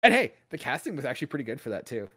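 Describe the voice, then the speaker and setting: A man's voice: mid-range voice, rapid-fire. A man co-hosting a gaming podcast, chatting casually with lots of fillers. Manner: animated, excitable, loose with fillers. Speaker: podcast co-host. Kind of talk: casual chat.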